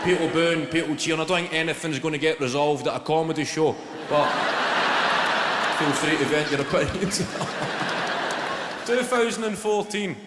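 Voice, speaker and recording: A man with a Scottish accent doing stand-up, sardonic and profane, telling stories with lively energy. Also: fairly high pitch, very noisy. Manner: sardonic, swearing, animated storytelling. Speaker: stand-up comedian. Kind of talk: live stand-up routine. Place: large live venue. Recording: echoey live hall with loud ambience.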